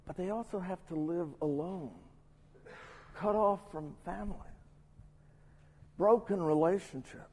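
A man's voice: high voice, a little slow, pauses often, darkish tone, husky. Man teaching Scripture in a reverberant hall. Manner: reads scripture aloud and comments with asides. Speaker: pastor or Bible teacher. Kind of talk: sermon-style Bible teaching.

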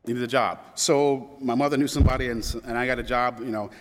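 A man's voice: medium pitch, fairly even intonation, fast. A man of about fifty from Louisville, Kentucky, telling a personal story in a conversational way, restarting often and quoting others. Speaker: public speaker. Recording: long hall reverb.

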